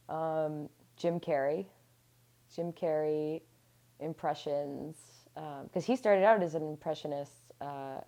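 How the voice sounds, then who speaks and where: A woman talking in a casual interview, relaxed and rambling. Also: deep voice, creaky.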